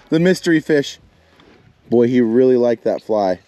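A man hosting an outdoor fishing vlog from a boat on a lake, explaining casting tips and getting excited over his catches. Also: medium pitch, normal speed, soft background music. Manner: excitable, whoops and shouts when fish jump.

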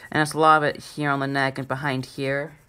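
A woman's voice: a bass voice, flat delivery, brisk, fairly bright tone, clean tone. A woman hosting a drawing channel, giving a casual, chatty and self-deprecating drawing tutorial.

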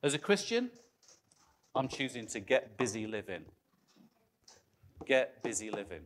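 A man's voice: medium pitch, very animated, measured pace. A middle-aged man preaching a sermon in a church hall, talking conversationally and putting questions to the congregation.

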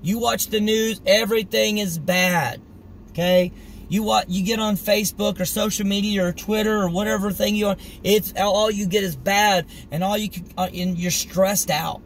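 A man's voice: sits high, fairly even intonation, normal speed, slight background noise, rough recording. A middle-aged man preaching informally on scripture, earnest and conversational, acting out the story with animation. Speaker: street preacher.

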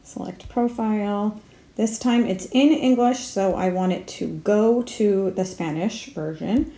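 Woman, speech therapist, app tutorial narration, talks herself through steps, mellow tone, roomy echo. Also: medium pitch, unhurried. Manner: talks herself through each step, with fillers. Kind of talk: screen-recorded app tutorial.

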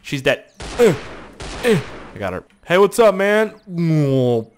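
Crude, lively young man gaming. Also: a little high, takes it slowly, background noise. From Canada. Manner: crude, joking, swears a lot, lively outbursts. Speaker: gaming YouTuber. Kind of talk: gameplay commentary.

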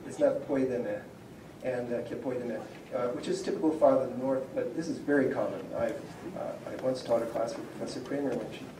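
A man's voice: mid-range voice, fast talker, few pauses. Lecturing man, echoey and distant. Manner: conversational, explaining and reading out word examples. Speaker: professor of Slavic linguistics. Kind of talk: public lecture. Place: civic centre lecture room. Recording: echoey room, voice from far off, faint hum.

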